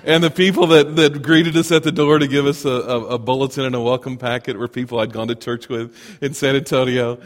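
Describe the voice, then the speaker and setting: A man preaching a storytelling sermon, animated and chuckling, often asking his congregation questions. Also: mid-range voice, a little fast. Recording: long reverb of a large hall.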